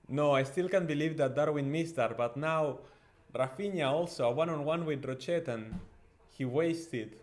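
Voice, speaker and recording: A man hosting a football watchalong, giving excitable, chatty live commentary with frequent ums and uhs. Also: a little high, normal speed. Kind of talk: casual live match commentary and chat.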